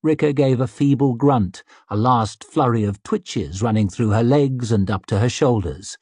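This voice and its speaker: A man narrating an audiobook in a measured storytelling manner, voice slightly husky. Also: medium pitch, a little mellow, no echo, studio quality. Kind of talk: scripted narration.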